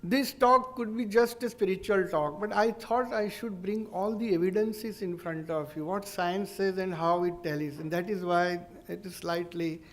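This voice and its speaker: A man with an Indian English accent, giving an earnest, explanatory public lecture as a neurologist, pausing and restarting as he goes. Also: high voice, fairly even intonation.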